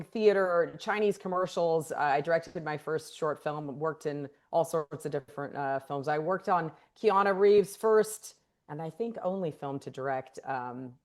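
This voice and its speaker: A woman director from the San Francisco Bay Area, chatting thoughtfully with plenty of fillers in a video call interview. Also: low-pitched. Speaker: film director. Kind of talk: casual interview chat. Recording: remote video call audio.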